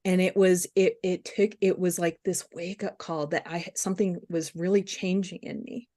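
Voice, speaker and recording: A woman speaking candidly as a webinar guest, halting with fillers and restarts. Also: on the low side, flat delivery, mellow. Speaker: guest speaker on compassion fatigue. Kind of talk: casual webinar conversation.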